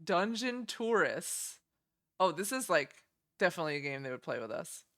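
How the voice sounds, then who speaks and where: A woman's voice: on the low side, big pitch swings, normal speed, fairly bright tone. A young woman streaming, chatting casually and giggling as she reacts to game trailers. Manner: chatty, giggly, easily delighted.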